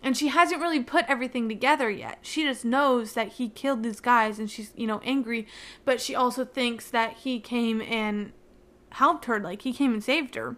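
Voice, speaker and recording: A woman's voice: fairly high pitch, normal speed, fairly bright tone. A young woman hosting her own podcast, recapping a book in a rambling, gushing way full of "like.". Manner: rambling, gushing, heavy use of "like". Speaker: podcast host.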